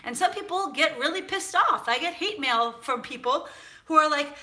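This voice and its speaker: A woman from San Francisco hosts a cooking show, chatting casually in a live stream as she reads viewer comments, animated and full of fillers. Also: high-pitched, brisk. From United States (San Francisco).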